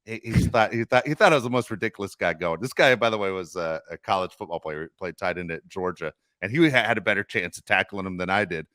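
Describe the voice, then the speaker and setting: A middle-aged man hosting a sports podcast, telling stories in casual, animated chat. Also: low-pitched, fast, hardly any pauses, no room sound, clean studio sound. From Los Angeles area. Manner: storytelling, animated, swears casually. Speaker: podcast host.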